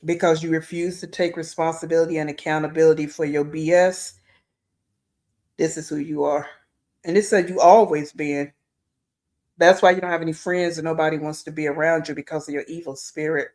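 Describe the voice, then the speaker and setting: Blunt, low-voiced woman commentator. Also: fairly even intonation, brisk, darkish tone. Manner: blunt, critical, talks to viewers. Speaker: commentary host. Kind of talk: reaction commentary.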